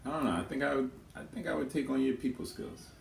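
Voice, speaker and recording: A man's voice: mid-range voice, fast, gravelly, echoey room, distant mic, slight background noise. A man in casual chat, explaining his point emphatically. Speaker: vlogger twin.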